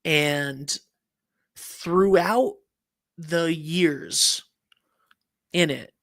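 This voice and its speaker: Male morning co-host, rambling talker, a touch high-pitched, dry close sound. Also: drawn-out words, fairly bright tone, no room sound. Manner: rambling storyteller, many restarts and fillers. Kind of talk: casual morning show chat.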